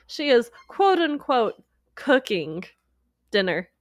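A woman with a fairly high voice chats casually, retelling a movie and slipping into quoted lines of its characters. Her sound is dry and close, with no room around it. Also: slow, no echo. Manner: animated retelling with quoted voices, frequent laughs. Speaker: podcast co-host. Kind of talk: casual chat recapping a movie.

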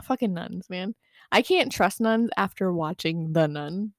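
A woman's voice: fairly low pitch, lively intonation, measured pace, dry recording. Laughing young woman, dry close sound. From Michigan, USA. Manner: laughs often, swears casually. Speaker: podcast co-host. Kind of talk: casual podcast chat reading ghost stories.

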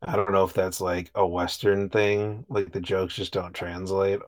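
A relaxed man with a fairly low voice chats as a co-host. He talks in an easygoing way, chuckles often and swears offhandedly. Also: normal speed. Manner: laid-back, chuckling, swears casually. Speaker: podcast co-host. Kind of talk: casual chat.

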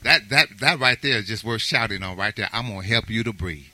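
Low, bright-voiced pastor leading responses. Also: male voice, fairly quick, no echo. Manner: rousing, calling on the congregation. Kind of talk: sermon follow-up, leading call-and-response.

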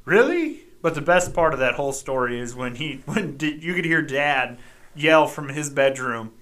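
A man co-hosting a podcast who tells childhood stories in a casual, animated way and swears freely. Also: mid-range voice, normal speed. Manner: animated, profane storytelling. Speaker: podcast co-host. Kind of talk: casual chat, storytelling.

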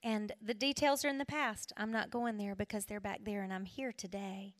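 A middle-aged woman from South Carolina, giving an emotional testimony sermon to women, dropping to a hush and then rising again. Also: medium pitch, steady tone, normal speed. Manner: emotional, swings from hushed to raised and cracking. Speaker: women's ministry speaker.

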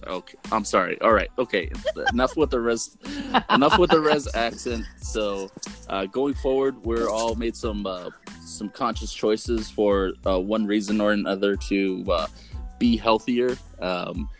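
Hesitant man host, low voice. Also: unhurried, soft background music. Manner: hesitant, many fillers. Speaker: podcast host. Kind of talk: casual chat.

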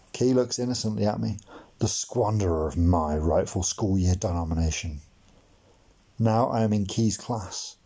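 A man's voice: on the low side, gravelly, warm tone, breathy edge. A man reading his own humorous memoir aloud for a blogcast, in a wry, mock-dramatic storytelling manner with comic asides. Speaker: blogcast narrator.

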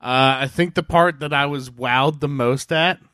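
Man, podcast co-host, relaxed, hesitant fillers, dry close sound. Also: medium pitch, unhurried, no room sound. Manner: laid-back, many ums and uhs while explaining a theory. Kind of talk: casual gaming chat.

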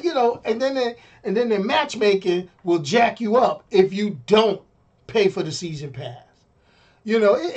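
A middle-aged man ranting on a casual live stream, animated and exasperated, often repeating himself. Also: high voice.

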